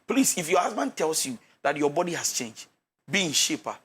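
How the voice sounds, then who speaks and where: A man's voice: a little high, sing-song, moderate pace, fairly bright tone, husky. A man with a Ghanaian accent giving marriage advice as a pastor on a talk show, switching between English and Twi and acting out the quarrels of couples. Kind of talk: animated talk-show counsel.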